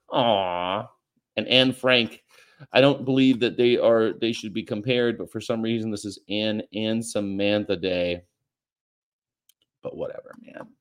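A man vlogging in a casual, rambling way, sarcastic and prone to digressions. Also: lowish voice.

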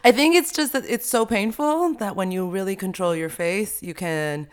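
A woman's voice: medium pitch, normal speed, smooth. A woman chatting as a podcast guest, laughing often and acting out quotes from other people. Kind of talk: casual chat.

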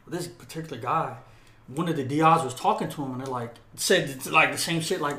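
A man co-hosting a podcast, telling a profane, animated story and acting out the quotes. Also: fairly high pitch, a little fast, reverberant. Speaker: podcast co-host. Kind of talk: casual chat, storytelling.

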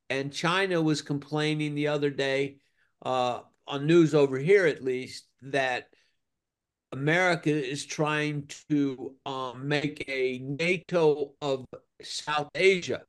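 A man speaking as a guest in a casual discussion, earnest and building concern as he talks. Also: fairly high pitch. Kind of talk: casual chat.

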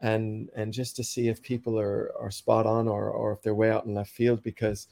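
A man's voice: on the low side, flat delivery, moderate pace, creaky, mellow, dry recording. A man, a poet, reading his rhyming verse in a rhythmic, accented delivery, then chatting casually as a podcast guest.

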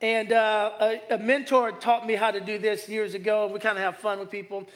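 A man preaching a sermon in a conversational, joking way, stretching key phrases slowly for emphasis. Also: high voice, flat delivery. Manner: conversational, joking asides with the congregation. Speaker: pastor.

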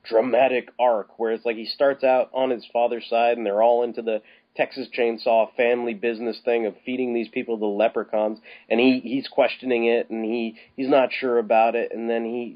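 Rambling man on a lo-fi podcast. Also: mid-range voice. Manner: rambling, with many restarts and casual swearing. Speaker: podcast co-host. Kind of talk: casual film-review chat. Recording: slightly dull, lo-fi podcast audio.

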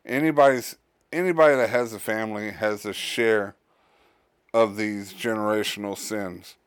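A man who is a father hosts his own podcast, talking on his own in a casual, halting way, with many fillers and restarts. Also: on the low side, steady tone, clean tone, no room sound, clean studio sound. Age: adult, a father. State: tired, yawning. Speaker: podcast host. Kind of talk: casual solo podcast monologue.

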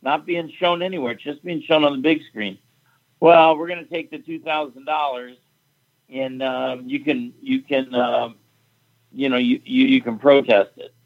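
A man's voice: mid-range voice, steady tone, measured pace, creaky, narrow, tinny audio. A man, a fight event promoter, telling a story in casual chat, blunt and profane as he recounts a quarrel.

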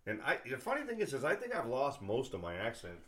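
A man's voice: mid-range voice, huge pitch swings, fast, a bit bright. A middle-aged man from New England with a Boston-area accent, hosting a podcast in casual, rambling chat full of fillers and restarts. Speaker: podcast host.

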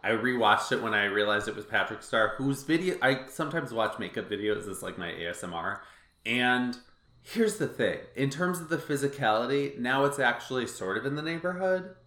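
Man, podcast host, bright voice, rambling, self-correcting, echoey room. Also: medium pitch, animated, moderate pace. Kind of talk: casual chat.

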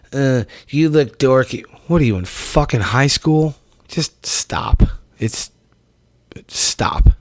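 Low-voiced frank man closing his show. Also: darkish tone, no echo. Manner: frank, opinionated, profane. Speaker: podcast host. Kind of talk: solo outro commentary.

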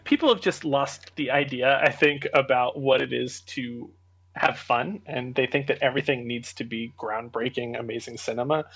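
A man co-hosting a podcast, relaxed and rambling, laughing mid-sentence. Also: medium pitch, normal speed, slightly rough, no echo. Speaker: podcast co-host. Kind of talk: casual chat.

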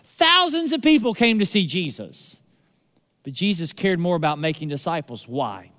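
Male pastor, high voice, preaching with repetition and pauses, long hall reverb. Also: sing-song, fairly bright tone. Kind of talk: sermon.

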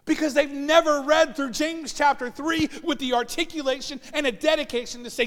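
A man's voice: extremely high pitch, fairly even intonation, fairly quick, few pauses, fairly bright tone, in a large hall. A man preaching a sermon as pastor, telling personal stories and acting out the voices of people he quotes. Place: church sanctuary.

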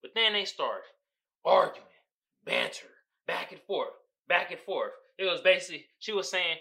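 This podcast host, a young man from the San Francisco Bay Area, laughs often as he tears into a film with casual, cuss-heavy slang. His voice sits high with big pitch swings and a creaky, bright, forceful edge at moderate speed. The audio is rough.

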